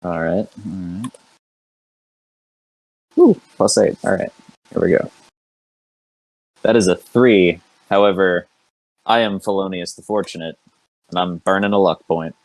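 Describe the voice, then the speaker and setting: Casting: easygoing player, deep voice, dry close sound, a man. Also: a little slow, long pauses, darkish tone, no echo, rough recording. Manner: easygoing, describing his character's actions. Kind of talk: casual tabletop play.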